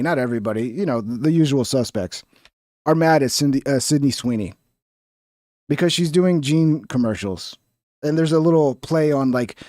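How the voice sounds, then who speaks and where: Guy on a stream swearing and rambling over clips, pitch a bit up, dry close sound. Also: darkish tone, no echo. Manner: crude, profane, rambling. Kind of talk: casual reaction commentary.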